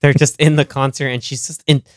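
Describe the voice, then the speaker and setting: A man co-hosting a casual movie podcast, retelling scenes in a rambling, animated way with lots of laughter. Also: medium pitch, a little fast, no room sound, clean studio sound. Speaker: podcast co-host. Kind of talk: casual film-review chat.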